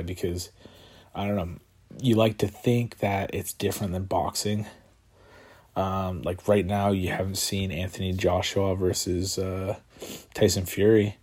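Talking alone about combat sports, a man rambles casually in a very low, husky, warm voice. He sounds tired and yawns, piles up fillers and restarts sentences, and chuckles to himself now and then.

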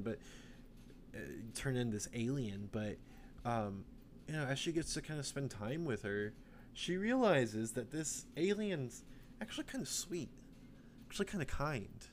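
Rambling man pitching a silly movie plot. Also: a little slow, slight background noise. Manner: rambling, many fillers, acts out quoted lines. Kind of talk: casual comedic storytelling, pitching a made-up film plot.

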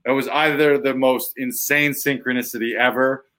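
A man hosting a podcast in loose, casual banter. He talks in an animated way and jumps into playful bits, with an average-pitched male voice. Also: moderate pace. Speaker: podcast host.

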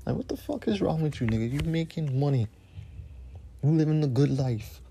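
A man hosts his podcast alone, ranting angrily with heavy swearing. He hammers his points by repeating phrases again and again. His voice has a mellow, darker tone. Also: on the high side, lively intonation, moderate pace, vocal fry, a little hiss or hum. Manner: angry, profane, repeats phrases for emphasis. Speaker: podcast host. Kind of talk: heated solo rant.

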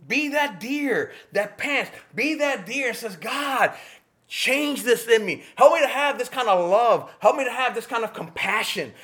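A man preaching a sermon with passion, rising to near shouts and dropping to quiet, earnest tones. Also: very high voice, lively intonation, measured pace. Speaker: pastor.

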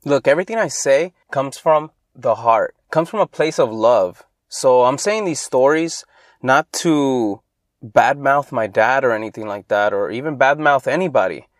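This podcast host, a young adult from Los Angeles, tells childhood stories by himself in a relaxed, meandering style that gets lively when he quotes others. He speaks at normal speed in a mid-range voice, with studio-quality sound and no room sound.

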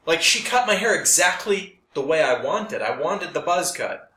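A man's voice: fairly high pitch, lively intonation, moderate pace, sharp tone, reverberant. A man in his forties, co-hosting a podcast, rambling through a casual story with lots of filler words. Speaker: podcast co-host. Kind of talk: casual chat.

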